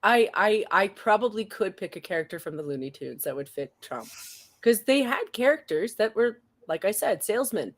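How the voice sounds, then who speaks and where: A woman co-hosting a casual talk show, chatty and animated, often laughing as she talks. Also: medium pitch, moderate pace. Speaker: show co-host. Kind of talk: casual chat.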